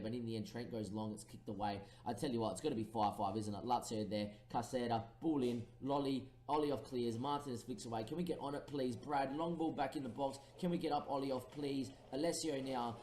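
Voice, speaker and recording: A young man commentating live on a football management game, lively play-by-play with excited bursts and pleading. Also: medium pitch, fairly quick, few pauses, reverberant, a little hiss or hum. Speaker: gaming commentator.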